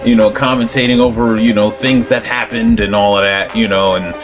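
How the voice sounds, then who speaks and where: A man's voice: lowish voice, fairly even intonation, fairly quick, music in the background. A man giving voice-over gameplay commentary on a headset mic, telling the story animatedly with silly sound effects. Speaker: gaming YouTuber.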